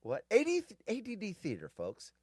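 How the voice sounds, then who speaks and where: A Californian man in his fifties hosts a show, telling rambling, nostalgic stories packed with tangents in a casual monologue. His high, husky voice swoops wildly in pitch at a moderate pace with a darkish tone. The recording is dry, with clean studio sound.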